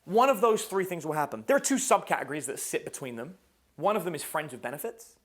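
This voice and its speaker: A man's voice: fairly high pitch, lively intonation, fast talker. A man teaching a live dating seminar in a casual, swearing style, quizzing his audience. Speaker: dating coach.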